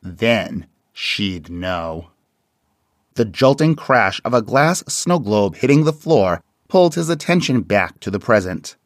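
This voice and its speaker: A man reading a dark story aloud in slow, measured scripted narration. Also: on the low side, no echo, clean studio sound.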